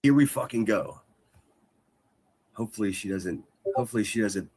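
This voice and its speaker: A man's voice: fairly low pitch, animated, moderate pace, a little mellow, breathy edge, dry recording. A man on a live stream talking in a heated, defensive, profane way. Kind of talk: casual live-stream chat.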